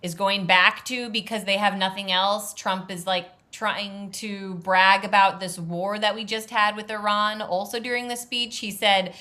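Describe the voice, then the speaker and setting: A woman speaking as a podcast guest, candid and a little wry, with a clear, bright voice at an ordinary pitch. She talks in a loose conversational way, now and then laughing mid-sentence. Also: fairly even intonation, unhurried, hardly any pauses. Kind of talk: casual interview talk.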